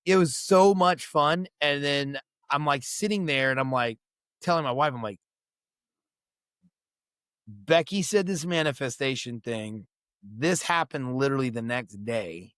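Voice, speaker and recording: A middle-aged veteran man spins a loose, profane anecdote as a podcast guest. His voice sits at an ordinary pitch, and he jumps into the voices of the people he quotes. The sound is close and dry, with no room around it. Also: measured pace, a bit bright, smooth, dry recording. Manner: swears freely and acts out quoted voices. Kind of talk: casual storytelling chat.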